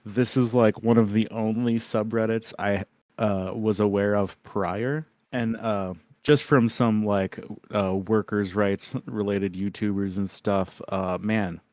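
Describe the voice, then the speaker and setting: A man co-hosting a casual podcast, talking haltingly with many fillers and restarts. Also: on the low side, steady tone, darkish tone, no room sound. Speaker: podcast co-host. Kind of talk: casual group chat.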